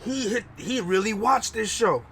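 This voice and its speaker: A man comments on a comedy clip in an excitable, slang-heavy way, using a high, bright voice. His pitch jumps around freely, and there is a faint hiss underneath. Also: normal speed, creaky. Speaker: reaction video host. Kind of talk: casual reaction commentary.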